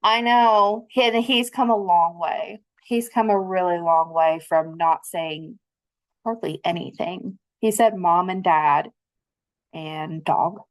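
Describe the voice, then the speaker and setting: A young woman hosts a podcast and talks about her son in an earnest, reflective way. Her voice is a little lower than most women's. She keeps a relaxed conversational tone. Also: takes it slowly. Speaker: podcast host, mother. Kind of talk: casual conversation.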